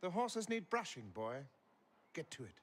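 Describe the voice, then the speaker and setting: A man's voice: high voice, very animated, normal speed. An actor playing a sarcastic household servant in a game who orders a young man around. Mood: snide. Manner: snide and bossy.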